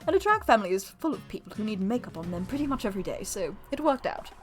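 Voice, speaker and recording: A woman's voice: mid-range voice, big pitch swings, fast talker, lightly acted. A woman voicing a flamboyant British gay male makeup artist, reading game dialogue in a put-on British accent with a theatrical drawl. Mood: wistful.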